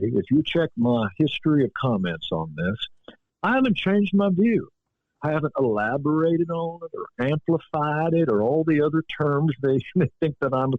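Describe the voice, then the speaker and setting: A man, an author as interview guest, telling stories in a reflective, animated way. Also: mid-range voice, no echo. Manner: reflective, animated storytelling with frequent restarts. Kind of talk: interview conversation. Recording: dry phone-like line.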